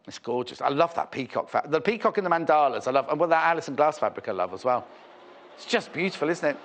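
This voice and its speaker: Fairly high-pitched and a little bright, this man speaks fast with lively intonation. He's from Merseyside and presents a live shopping show, raving about items, repeating himself, and teasing his guest in chatty sales patter.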